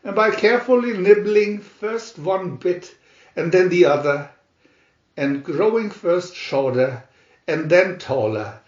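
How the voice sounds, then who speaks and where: Slow expressive man reading a storybook. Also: a little high. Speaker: storybook reader. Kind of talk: read-aloud storybook narration. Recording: roomy muffled home recording.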